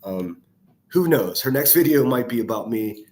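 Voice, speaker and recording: A man's voice: medium pitch, lively intonation, normal speed. A man ranting angrily over clips he plays, swearing heavily and hurling insults as a commentary youtuber. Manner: angry, profane, shouting insults.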